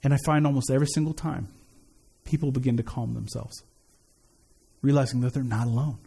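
A man's voice: mid-range voice, fairly even intonation, brisk, gravelly, mellow, slightly rough. A man giving a conversational sermon as a pastor, earnest, repeating key phrases and often restarting his sentences. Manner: frequent stammered restarts.

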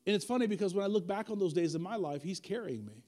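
A man's voice: high-pitched, lively intonation, fast talker, a little mellow. A man preaching a sermon as pastor, dynamic and conversational, repeating key lines for emphasis with folksy asides.

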